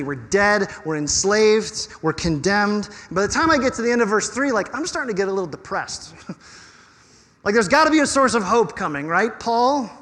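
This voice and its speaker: A man preaching a sermon as pastor, conversational and animated, asking his listeners rhetorical questions. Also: high voice. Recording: long reverb of a hall.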